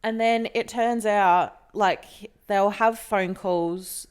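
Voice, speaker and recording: In a smooth, mid-range voice, a podcast co-host takes her time telling a story during casual conversation. She's animated, curses without hesitation, and performs the voices of the people she quotes.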